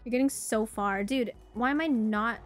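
A woman's voice: fairly high pitch, moderate pace, music in the background. A woman streamer reacting to a horror game live, jumpy, squealing and laughing her way through the scares.

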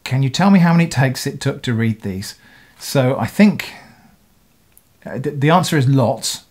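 Middle-aged man, casual talk to camera, rambling, self-correcting, mid-pitched voice. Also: expressive, normal speed, a little mellow. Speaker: video creator answering comments.

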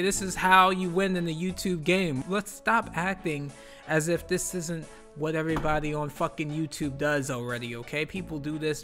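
A man's voice: on the high side, bright, forceful tone. A man giving a blunt, profane commentary rant as a YouTuber, exasperated and repeating himself. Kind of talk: ranting commentary vlog.

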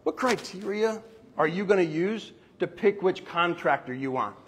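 A man with a high, husky voice tells sales stories to a room. He acts out quick exchanges with customers and staff, switching voices as he goes. The delivery is loose and animated, full of asides. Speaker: roofing company owner sharing sales tactics. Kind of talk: storytelling sales talk.

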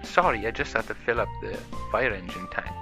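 A man's voice: fairly low pitch, fairly quick, gravelly, over music. A man voicing a brave, eager male fire pup in a toy story, urgent and can-do.

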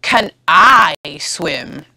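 Kind giraffe in a storybook, gentle and comforting , read by a woman, slow and clear. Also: on the low side, very animated, dry recording, clean studio sound, pitched below the performer's own voice, exaggerated voice.

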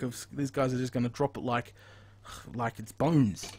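A man with an Australian accent giving live, chatty commentary as he plays a video game and thinks out loud. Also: medium pitch, fairly quick, slightly rough, no echo. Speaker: gaming streamer.

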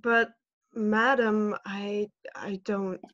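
Femme qui joue une standardiste formelle qui bafouille, son terne de visioconférence. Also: female voice, mid-range voice, level tone, drawn-out words, a bit bright, highs cut off. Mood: flustered. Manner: hesitant, stammering, formal. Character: flustered, polite female telephone operator.

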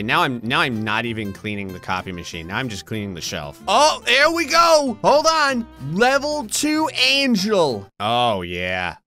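Bright, animated man joking through gameplay. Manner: wry, joking asides with sudden high-pitched outbursts. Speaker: gaming channel host. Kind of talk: comedic gameplay commentary.

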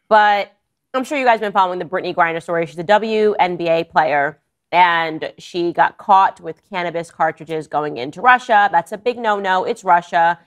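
A woman political commentator delivering a sarcastic, mocking opinion piece in an animated manner. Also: lowish voice.

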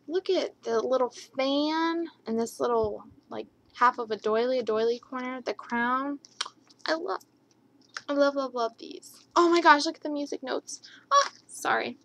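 Woman vlogger, bubbly high voice, gushing show-and-tell haul, chatty and rambling. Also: a bit bright, a little hiss or hum, poor audio. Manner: gushing, repeats her enthusiasm ("love, love, love").

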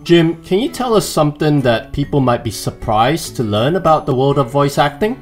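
A man interviewing a guest, reading prepared questions in a brisk, straightforward way. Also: on the high side, animated, faint music behind.

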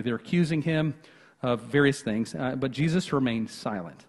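A man's voice: mid-range voice, brisk, darkish tone. A man preaching a sermon as pastor, talking conversationally with asides and restarts. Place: church sanctuary. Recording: long church reverb.

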